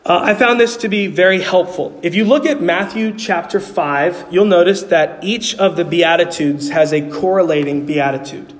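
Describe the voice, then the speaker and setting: Moving at a moderate pace with barely a pause, this high-pitched New York City pastor delivers his sermon earnestly, asking the congregation questions along the way. The sound carries a long hall reverb.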